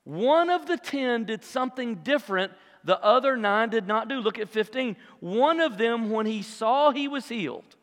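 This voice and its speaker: A man preaching a sermon, with a dramatic delivery that swings between loud acted-out cries and hushed asides. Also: extremely high pitch, expressive, moderate pace, hardly any pauses. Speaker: pastor. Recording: long hall reverb.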